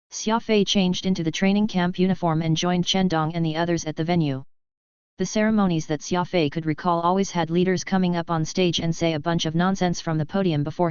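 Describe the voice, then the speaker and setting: A woman narrating a novel audiobook in a steady, even reading. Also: fairly low pitch, clean tone, dry recording. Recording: slightly dull dry recording.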